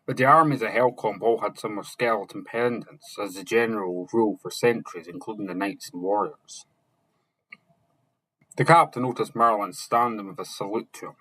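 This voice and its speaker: A man narrating chapters of a fantasy novel, reading slowly and haltingly, sometimes correcting himself and only lightly voicing the characters. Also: fairly low pitch, sharp tone, slightly rough, poor audio. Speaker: audiobook narrator.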